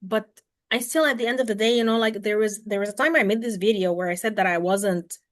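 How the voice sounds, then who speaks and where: A woman hosting a podcast over a video call, talking casually and animatedly, swinging between soft and loud and acting out what others said. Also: medium pitch, brisk. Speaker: podcast host.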